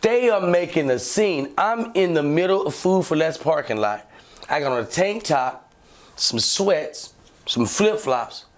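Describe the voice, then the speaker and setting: Animated storytelling man, wildly lively pitch. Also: unhurried. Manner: acts out shouting cops and himself, swears a lot, lively. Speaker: podcast co-host telling a story. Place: podcast studio.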